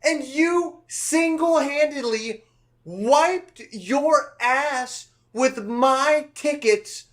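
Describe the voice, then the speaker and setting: A man voicing a furious young man who rants and swears without any filter, often shouting. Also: extremely high pitch, drawn-out words, pitched above the performer's own voice, full character voice. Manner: shouting, profane ranting.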